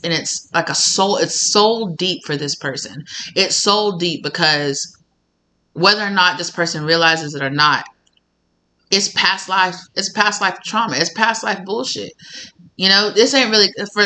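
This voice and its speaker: A tarot reader with a bright, sharp tone addresses viewers directly in a casual reading, blunt and sassy, swearing freely and laughing often. The voice is medium-pitched at normal speed.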